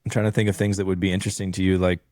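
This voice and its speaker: A man with a lowish voice talks in a laid-back podcast chat and fills his sentences with loose fillers and the odd swear word. The sound is close and dry, with no room around it. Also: level tone, very fast, darkish tone, no room sound. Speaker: podcast host.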